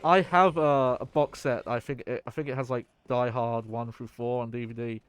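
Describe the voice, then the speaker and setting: A man's voice: medium pitch, steady tone, moderate pace, clear, resonant tone. A man streaming a video game, rambling casually and chatting with his viewers. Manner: rambling, chatty, swears and laughs. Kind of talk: casual gameplay commentary.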